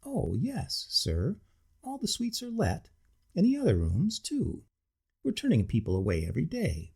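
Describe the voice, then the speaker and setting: A man putting on a chatty, deferential old-fashioned waiter from a storybook, homely and a little muddle-headed. The voice is gravelly and husky, with a widely swinging pitch. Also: huge pitch swings, measured pace, darkish tone, heavily acted. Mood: chatty deference.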